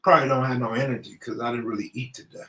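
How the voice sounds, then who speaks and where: A man's voice: mid-range voice, steady tone, very fast, a bit bright, roomy sound, poor audio. Man chatting loosely on a home live stream. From Los Angeles. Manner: loose street slang, talking straight to viewers. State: out of breath. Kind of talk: casual live stream chat, greeting viewers. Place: room at home, alone.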